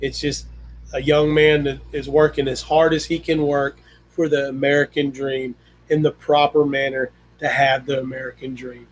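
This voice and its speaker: A man's voice: mid-range voice, flat delivery, normal speed. A man hosting a homestead livestream, chatting in a folksy, effusive way and handing out praise and blessings. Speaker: livestream host. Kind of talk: casual livestream chat.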